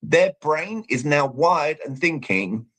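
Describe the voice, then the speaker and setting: A British communication coach, appearing as a guest on a live show over a video call, gives an emphatic coaching talk, punctuating points with "all right." His male voice is a little high and fairly bright, with big pitch swings and a slow pace.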